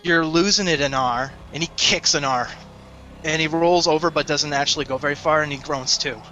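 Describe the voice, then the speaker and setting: A man narrating a tabletop game as game master in a descriptive, halting way. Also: fairly high pitch, level tone, bright, forceful tone, muffled recording, slight background noise.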